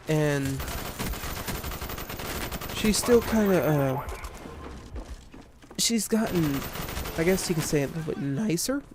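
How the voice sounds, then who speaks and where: Brief: young guy, slightly high voice, venting a work story with cursing and stumbles, game gunfire going off behind. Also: a little mellow, slight background noise. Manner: ranting, profane, lots of restarts and fillers. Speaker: gaming video creator. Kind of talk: casual storytelling over gameplay.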